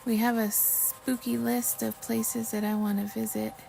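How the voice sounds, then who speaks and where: Chatty woman with a gravelly voice. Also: on the high side, little pitch movement, measured pace, dark tone, slight background noise, poor audio. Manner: chatty, apologetic, reads trivia questions to chat. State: mouth full of chocolate at times. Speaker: livestream host. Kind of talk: casual livestream chat while crafting.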